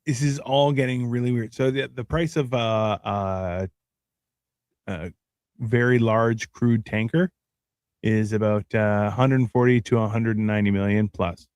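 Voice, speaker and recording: A man's voice: fairly low pitch, steady tone, measured pace, darkish tone, clean tone, no echo. Man explaining plainly, dry close sound. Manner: explains in plain terms, checking in with listeners. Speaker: co-host. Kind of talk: casual livestream chat.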